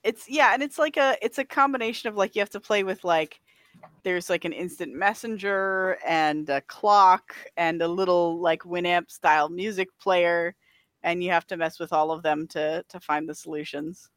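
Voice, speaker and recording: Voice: medium pitch, normal speed, a bit bright, dry recording, clean studio sound. A podcast co-host in casual chat, rambling with many filler words and frequent laughs. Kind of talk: casual chat about a video game.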